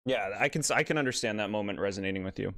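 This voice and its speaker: Rattling off very fast live commentary in a lowish voice, a gaming streamer chats casually, laughing a lot with an exasperated, sarcastic edge. Background noise can be heard.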